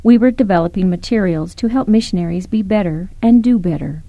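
A woman reading a devotional talk aloud in an earnest, measured way, recounting a church story. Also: medium pitch, dark tone, no room sound.

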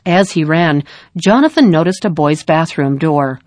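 A woman reading a story aloud in a calm, measured narration. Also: deep voice, no echo, studio quality.

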